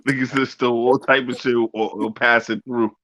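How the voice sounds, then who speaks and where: A man's voice: mid-range voice, flat delivery, normal speed, fairly bright tone, no echo, lo-fi sound. A man hosting a podcast, laid-back and laughing often in casual chat. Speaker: podcast host.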